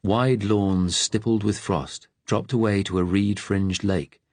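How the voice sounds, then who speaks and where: Deep, husky male audiobook narrator. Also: steady tone, takes it slowly, darkish tone, dry recording. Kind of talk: scripted narration.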